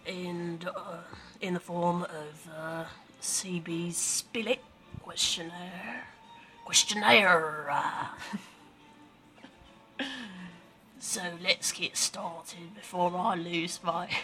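A woman working her way through a casual questionnaire, slow and full of ums and small laughs. Her voice is bright and a touch low. Now and then she slips into a jokey pirate voice, with faint music playing behind her. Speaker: audio creator answering a questionnaire. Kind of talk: casual chat.

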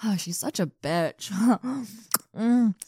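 A woman's voice: medium pitch, animated, drawn-out words, mellow, husky, dry recording, studio quality, full character voice. A young woman voicing a cocky, domineering muscular college woman in an intimate audio role-play, teasing and mocking with frequent giggles. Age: young adult.

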